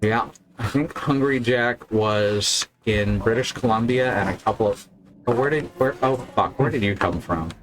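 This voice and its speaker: A man's voice: fairly low pitch, normal speed. A young man chatting casually and swearing now and then while playing a video game with a friend. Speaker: game commentator. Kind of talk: casual let's-play chat.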